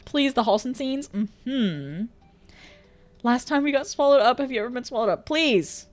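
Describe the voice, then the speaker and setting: Woman streamer, casual chat, pitch swinging high and low, exclamatory and sweary, faint music playing behind. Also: moderate pace. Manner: animated and exclamatory, swears freely, laughs often. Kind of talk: casual chat reading out viewer messages.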